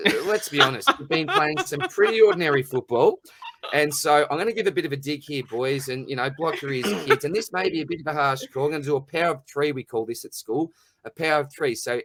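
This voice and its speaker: A man's voice: mid-range voice, a bit bright. A middle-aged man with an Australian accent, hosting a podcast in blunt, rambling, jokey rants. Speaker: podcast host. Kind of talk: casual chat.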